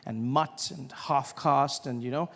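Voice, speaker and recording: A man's voice: medium pitch, a little slow, gravelly. A man performing stand-up, telling stories animatedly and slipping into voices. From South Africa. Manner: animated storytelling, does voices. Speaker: stand-up comedian. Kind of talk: stand-up comedy set. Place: stage in a large hall. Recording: reverberant hall, faint ambience.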